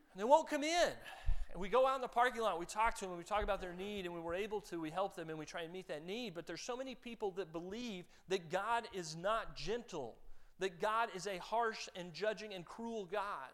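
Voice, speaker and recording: A man pastor preaching in a relaxed, conversational way and teasing members of his congregation as he goes. His voice sits a bit high for a man. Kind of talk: sermon.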